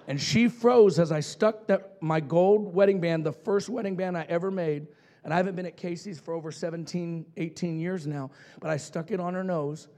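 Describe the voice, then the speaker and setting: A middle-aged male pastor from New Mexico preaching through a funny personal story. He has a slightly high voice and moves from quiet, confiding asides to loud shouted lines, acting out the voices of the people he describes. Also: moderate pace. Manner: playful, acts out voices in his stories. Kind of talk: storytelling sermon.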